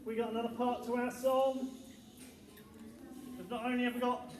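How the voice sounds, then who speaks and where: High, upbeat male teacher in echoey hall. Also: level tone, brisk, distant mic. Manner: upbeat, encouraging, talks to children. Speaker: primary school teacher. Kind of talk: leading a school music assembly. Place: school hall, indoors. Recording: echoey hall with background noise.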